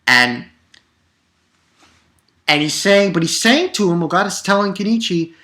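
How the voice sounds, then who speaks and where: Man, casual review, slow-paced, bright forceful tone, rambling, profane, excitable. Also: high-pitched. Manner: excitable, swearing, bursts into loud outbursts; rambling with restarts. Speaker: manga reviewer.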